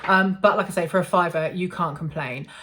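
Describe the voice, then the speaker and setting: A woman's voice: fairly low pitch, a little fast, fairly bright tone, slight background noise. A woman, chatting to camera in a casual make-up review, self-amused and full of ums. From England. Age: 40s. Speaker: beauty vlogger.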